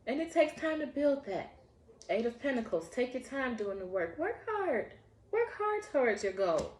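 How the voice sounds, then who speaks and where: A woman's voice: high voice, big pitch swings, normal speed, reverberant. A woman giving a casual spiritual tarot reading, heartfelt and encouraging, often breaking into laughter. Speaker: tarot reader.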